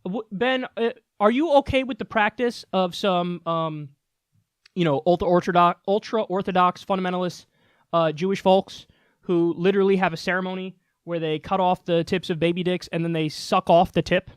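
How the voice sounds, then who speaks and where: A man's voice: high-pitched, fairly even intonation, normal speed, clean tone, no room sound, studio quality. A man giving a heated, sarcastic political commentary rant, swearing freely. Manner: fired-up, sarcastic, profane.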